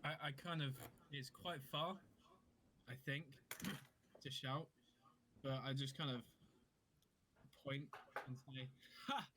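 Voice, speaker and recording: A man playing his character in a tabletop game, excitable and joking. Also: mid-range voice, slow pace, pauses often, noisy background. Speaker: player. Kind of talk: casual tabletop play chat.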